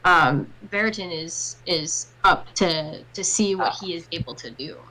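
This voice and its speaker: Bright-voiced woman running a tabletop game. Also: on the low side, a little slow, slight background noise, poor audio. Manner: descriptive with many fillers. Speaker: game master. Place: home setup on a live stream.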